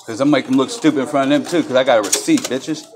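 A man filming himself on a phone in a large store, heated and profane in an angry confrontation. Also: mid-range voice. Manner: heated, profane, fast-talking. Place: large retail store indoors. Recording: loud store noise behind. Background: store ambience.

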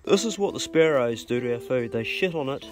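A man's voice: mid-range voice, lively intonation, a little fast, soft background music. A middle-aged man hosting a casual vlog outdoors on his farm, talking bluntly and swearing easily. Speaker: farm owner and channel host. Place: outdoors on a rural farm property.

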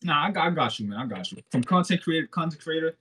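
A man's voice: fairly high pitch, lively intonation, fast, fairly bright tone, slightly rough, rough recording. A man in his twenties from Haiti, a guest who makes hair oil, chatting in an easygoing, reassuring way. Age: 20s. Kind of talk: casual chat.

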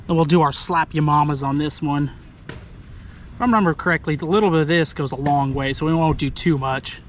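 A man's voice: fairly high pitch, steady tone, brisk, slight background noise. Upbeat man vlogging outdoors. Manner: upbeat, chatty, talks to himself while deciding. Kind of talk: casual narration to camera while cooking. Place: outdoors on the coast.

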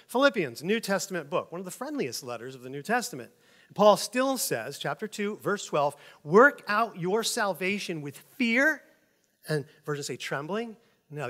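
Pastor, male, lively preaching voice, slightly high, church hall echo. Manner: animated, emphatic, shifts between loud stresses and quiet asides. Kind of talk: sermon. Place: church sanctuary. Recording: long hall reverb.

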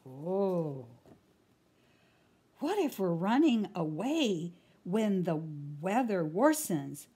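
A woman voicing a jittery male weasel in a storybook read-aloud, wailing in high anxious cries. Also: a little mellow, breathy edge, exaggerated voice.

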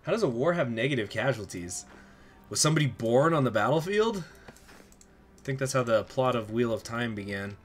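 Young guy rambling thru a strategy game stream, regular pitch, quiet music behind him. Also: very animated, moderate pace. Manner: rambling, chatty, reacts aloud to the game. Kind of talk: live game commentary.

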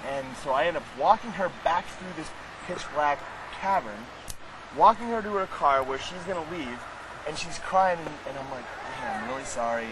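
A man telling a rambling story to friends in casual chat, halting and restarting often, recorded outdoors with a crowd behind him. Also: fairly high pitch, noisy background.

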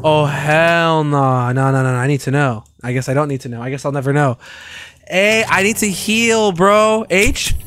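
A young man streaming a video game, swearing and joking excitably as he plays. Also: fairly high pitch, normal speed, clear, resonant tone, no room sound. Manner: profane, excitable, jokey. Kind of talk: gaming commentary. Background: game music.

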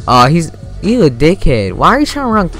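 Excitable young man commenting on gameplay. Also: fairly high pitch, a little fast, faint music behind. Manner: excitable, swearing, sudden yells and jokey mock voices. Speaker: gaming YouTuber.

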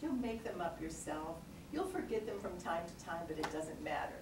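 A woman presenting a read-aloud workshop in a lively way, breaking into little songs as she teaches. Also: lowish voice, moderate pace, a crowd in the background. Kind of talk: teaching with sung story examples. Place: workshop room. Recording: echoey room, mic far off, noisy.

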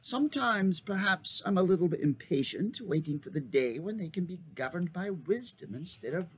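A man voicing an old male magician, genial and fussy, in a high lilting old-man voice for a storybook reading. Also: animated, moderate pace, a little hiss or hum. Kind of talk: storybook read-aloud.

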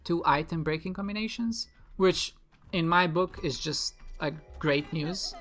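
Speaking a little slowly in a fairly low, slightly bright voice, a female gaming video creator chats her way through a let's-play. She rambles, pokes fun at herself, giggles often, and restarts her sentences, while faint music sits behind.

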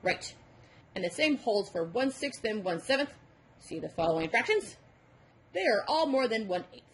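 A woman's voice: fairly high pitch, big pitch swings, slightly rough. A woman voicing a bossy, teasing male number devil who quizzes a tired boy in a storybook reading. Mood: quizzing. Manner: brisk, coaxing, quizzing.

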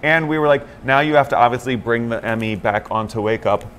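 A man's voice: mid-range voice, brisk, slight background noise. A man co-hosting a morning talk show in casual chat, telling stories and acting out the lines of people he quotes. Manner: animated storyteller, acts out quotes in other voices.

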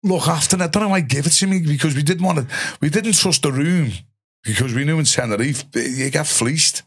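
A man's voice: a little high, brisk, breathy edge. A middle-aged man with a Liverpool accent telling a rowdy story as a podcast guest, swearing freely and acting out his mates' voices. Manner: animated, swears freely, acts out voices of friends. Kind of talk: storytelling in casual chat.

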